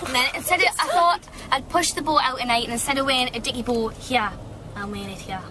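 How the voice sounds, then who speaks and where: A woman's voice: sits high, fast talker. A young woman in a pop group, joking playfully in a video diary. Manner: playful, giggly. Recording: loud background noise.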